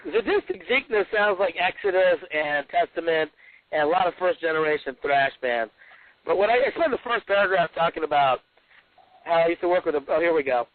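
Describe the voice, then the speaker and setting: A man's voice: fairly high pitch, no echo. A man, the author guest, chatting casually and reading excerpts aloud with folksy, rambling asides. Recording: dry tinny phone-like line.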